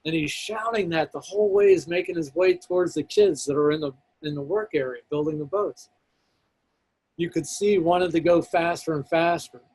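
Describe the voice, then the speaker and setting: A man's voice: a little high, moderate pace, a little mellow, breathy edge, poor audio. A man appearing as a guest on a talk show, earnestly telling a personal story in vivid detail.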